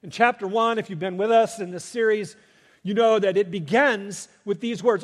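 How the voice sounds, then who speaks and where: A man's voice: high-pitched, fairly even intonation, normal speed. A male pastor preaching a Sunday sermon, emphatic and swelling in volume at key phrases. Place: church sanctuary. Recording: long reverb of a church sanctuary.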